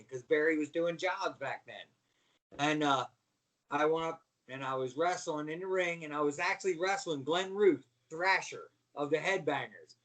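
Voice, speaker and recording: A middle-aged man from Baltimore, a former wrestler, telling slangy, animated stories as a podcast guest. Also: a little high, moderate pace, recorded from a distance, poor audio. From Baltimore, USA. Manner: animated storyteller, slangy, says "man" a lot. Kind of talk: casual storytelling interview.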